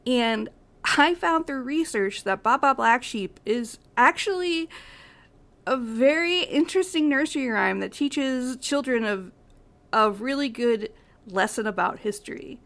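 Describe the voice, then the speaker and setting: A young woman hosts her own podcast, reading a prepared script with earnest enthusiasm. Her voice sits a little high for a woman. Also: animated, unhurried, a bit bright. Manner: reads from prepared notes, earnest and upbeat. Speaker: podcast host. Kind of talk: scripted educational podcast narration.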